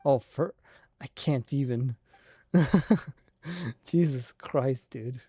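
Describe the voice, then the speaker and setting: A man's voice: medium pitch, drawn-out words, dark tone, slightly rough, no room sound, studio quality. A young man streaming a game, reading its dialogue aloud and dropping wry, offhand asides.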